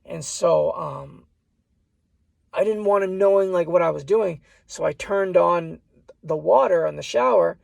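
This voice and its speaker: A man's voice: high voice, a little slow, gravelly, darkish tone, dry recording. A man casually telling a personal story, rambling and restarting his lines, often repeating "I said".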